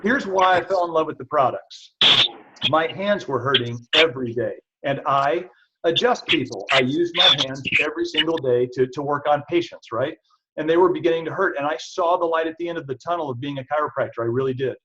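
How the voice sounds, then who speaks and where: A man, a chiropractor, giving a casual, chatty product talk to an audience, telling stories about himself with animated asides. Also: on the high side, fairly quick, heavy background noise. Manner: chatty, self-deprecating, animated storytelling. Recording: dull lo-fi recording.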